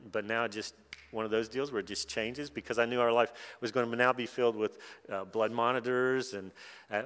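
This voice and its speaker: Storytelling pastor preaching in a big hall. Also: male voice, medium pitch, clear, resonant tone. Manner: storytelling, swings from quiet to loud and excited. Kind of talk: sermon. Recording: long hall reverb.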